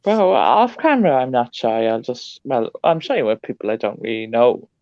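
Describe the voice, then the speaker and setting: A woman's voice: a bass voice, animated, moderate pace, no room sound. An Irish woman co-hosting a casual livestream over a video call, laughing easily and poking fun at herself. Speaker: co-host of a craft livestream. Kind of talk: casual chat. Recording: dry, slightly dull call audio.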